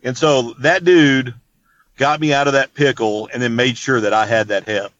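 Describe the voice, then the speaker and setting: A man's voice: mid-range voice, fairly even intonation, moderate pace, fairly bright tone, no room sound, highs cut off. A man telling a long story in casual chat, rambling and laid-back, full of "dude" and "you know what I mean.". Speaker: podcast guest.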